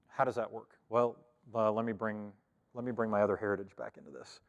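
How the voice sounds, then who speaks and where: A man's voice: fairly low pitch, animated, fast, long reverb tail. A man from the Cherokee Nation in Oklahoma, teaching a casual scripture lesson in a church, talking it through with lots of ums and restarts. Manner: conversational, thinks aloud with many fillers and restarts. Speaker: Bible study teacher.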